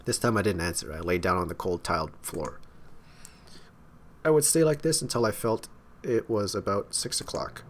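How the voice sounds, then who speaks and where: A man's voice: sits low, normal speed. A man streaming a visual novel playthrough, reading its narration aloud with wry asides. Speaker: game streamer. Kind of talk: reading game text aloud with casual commentary.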